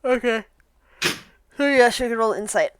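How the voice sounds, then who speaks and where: A woman running a tabletop game as game master, briskly prompting players with questions. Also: fairly high pitch, a bit bright, clean tone, no echo.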